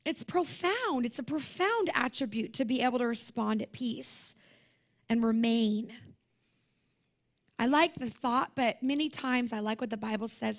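A woman's voice: fairly high pitch, animated, a little slow, creaky. A young woman preaching at a conference, talking to the room in a passionate, conversational way and repeating her points. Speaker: conference speaker. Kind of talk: sermon.

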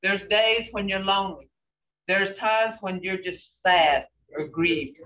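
An older woman teaching a language class, speaking slowly and repeating phrases with emphatic questions. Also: mid-range voice, a bit bright. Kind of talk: language lesson. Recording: roomy, distant, dull sound.

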